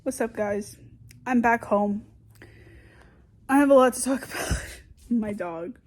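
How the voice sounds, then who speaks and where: Young woman ranting profanely, high voice. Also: a little slow. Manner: profane, blunt ranting about work; swings between loud venting and quiet mutters. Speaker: vlogger. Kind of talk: casual ranting vlog.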